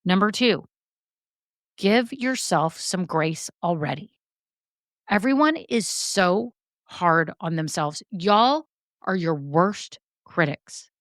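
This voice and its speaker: A woman hosting a solo business-coaching podcast, talking in an energetic, emphatic way and repeating her key points. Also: on the low side, slow pace, no room sound, clean studio sound. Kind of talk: solo motivational podcast talk.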